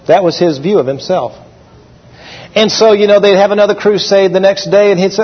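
In a folksy, storytelling sermon full of fillers, a male pastor speaks in a high-pitched voice at a slightly fast clip. The recording is echoey and dull, as if made in a hall.

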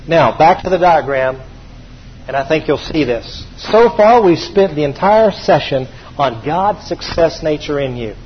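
A man preaching a sermon in a high voice, hammering his points with emphatic repetition. The recording sounds dull, with a faint hiss underneath. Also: animated, measured pace. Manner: emphatic, repeats key phrases.

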